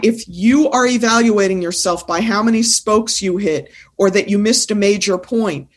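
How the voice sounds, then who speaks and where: A woman's voice: medium pitch, breathy edge. A woman speaking coach in a podcast conversation, talking in an emphatic, insistent, teacherly way.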